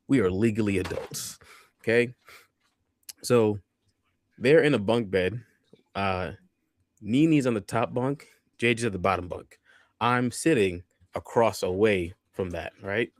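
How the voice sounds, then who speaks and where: A man's voice: on the low side, unhurried, long pauses. A man telling a personal anecdote on a talk show, acting out scenes and checking in with "right?" and "okay?". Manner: animated, acts out scenes, repeats "right?" and "okay?". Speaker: guest storyteller. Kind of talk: casual anecdote on a podcast.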